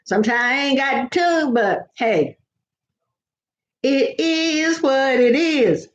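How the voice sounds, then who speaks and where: An older Southern American woman vlogs on a casual home live stream, her voice high and slow. She chats playfully and rambles, repeating words, and the lo-fi home recording is echoey and dull.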